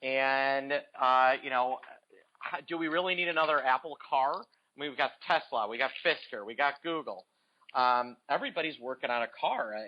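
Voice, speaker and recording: A man with a Chicago accent rambles casually about stocks in a middle-pitched voice, stopping and restarting his sentences. The podcast audio sounds dull and a bit lo-fi. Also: pushed and bright. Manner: rambling, many restarts and fillers. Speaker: podcast co-host. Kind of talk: casual market talk.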